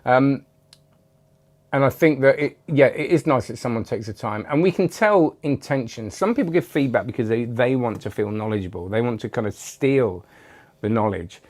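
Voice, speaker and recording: A man's voice: medium pitch, moderate pace, darkish tone. A man hosting a magic channel, chatting casually and rambling as he reads out viewer comments, with self-deprecating asides. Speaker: magic video host.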